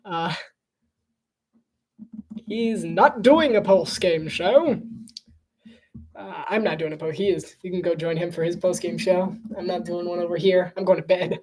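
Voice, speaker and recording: A woman's voice: lowish voice, a little slow, long pauses, darkish tone. Woman doing laid-back live football commentary, jokey, chatty, laughs a lot. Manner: chatty and playful, laughs often. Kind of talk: casual live sports commentary.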